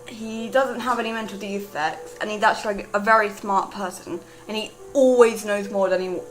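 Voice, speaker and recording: A young British woman talks about her own character in a loose, rambling way. She leans on "like" and often restarts her sentences. Her voice sits in a middle pitch, with faint music underneath. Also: fairly even intonation, moderate pace, rough recording. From Britain. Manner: rambling, lots of "like" fillers and restarts. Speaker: writer discussing her character. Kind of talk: casual rambling monologue.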